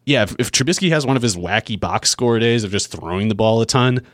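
A man's voice: mid-range voice, fairly quick, no room sound, studio quality. A man co-hosting a fantasy football podcast, working through long analytical explanations full of restarts in casual chat. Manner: thinks aloud in long run-on explanations, frequent restarts.

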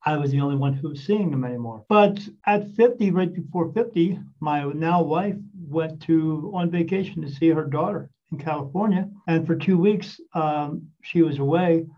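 A man's voice: a little high, normal speed, few pauses. A man in his fifties from New Jersey, telling a long personal story in a rambling, earnest way with many restarts. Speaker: guest. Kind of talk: casual storytelling. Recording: distant, dull lo-fi sound.

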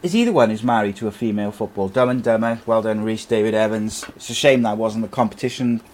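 A man's voice: fairly low pitch, quick pace. A man hosting a podcast, chatting casually about football and reading out listener comments. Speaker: podcast host.

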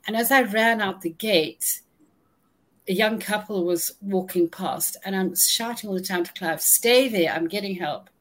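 A woman recounting a personal ordeal in an interview, halting and restarting often, audibly shaken but holding herself together. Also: mid-range voice. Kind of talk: emotional first-person storytelling.

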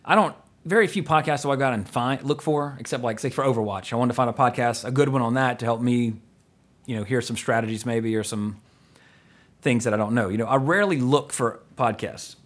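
A man co-hosting a podcast, chatting casually in a rambling, excitable way that jumps between topics. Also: medium pitch, fairly quick. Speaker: podcast co-host.

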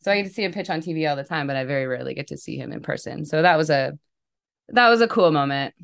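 Lively, lower-voiced woman podcast host. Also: racing, creaky. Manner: animated storytelling with laughter. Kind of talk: casual chat.

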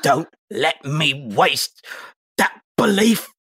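A man voicing a husky, weary old mentor woman. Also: fairly high pitch, expressive, fairly bright tone, dry recording, studio quality, voice pushed up, exaggerated voice. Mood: pleading. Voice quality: husky, creaky. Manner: slow, weary, reproachful. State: coughing. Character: stern tearful older woman mentor.

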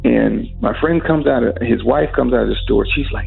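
A man's voice: medium pitch, fairly quick, gravelly, slightly rough. A man in an interview, telling a story animatedly and acting out the quoted dialogue. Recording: phone-like narrow band with faint music.

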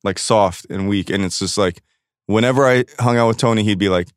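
A man's voice: fairly low pitch, a little fast, no room sound, clean studio sound. A man speaking candidly as a podcast guest, searching for words and swearing freely. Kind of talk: candid conversation.

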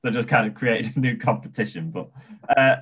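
A man's voice: lowish voice, animated, brisk, a bit bright, slightly rough. A man in his thirties hosting an interview, asking questions hesitantly with many fillers. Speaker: interviewer, host.

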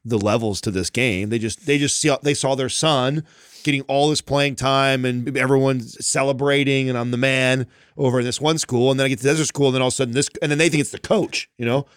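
A man co-hosting a casual chat, telling stories in an animated way, full of "like" and "bro". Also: medium pitch, fairly quick, clear, resonant tone, dry recording, studio quality. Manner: animated storytelling, frequent "like" and "bro". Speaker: podcast co-host.

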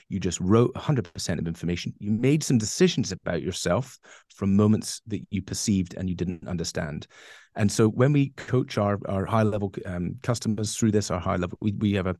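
A man's voice: low voice, mellow, no echo, clean studio sound. A man answering interview questions as a coach, emphatic and rambling, with many fillers and restarts. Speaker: guest coach.

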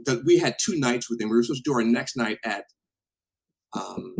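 A man casually telling a story from his past, animated and acting out what people said, with some swearing. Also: mid-range voice, brisk, gravelly, slight background noise, rough recording. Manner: animated, acts out quotes, swears.

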